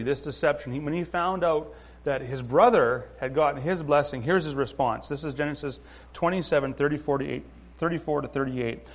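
A man giving an informal sermon, talking conversationally with fillers and restarts and often checking in with listeners. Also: on the high side. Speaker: preacher.

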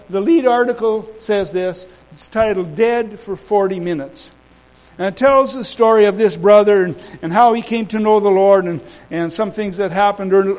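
A man preaching a sermon in a folksy, rambling way, breaking off and restarting, then building to loud, emphatic declarations. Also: sits high, poor audio. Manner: folksy asides and humor.

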